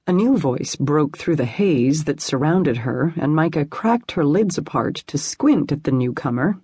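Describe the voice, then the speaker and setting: A woman narrating an audiobook in a measured, even storytelling voice, close to the mic. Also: low-pitched, husky, dry recording. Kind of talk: scripted narration.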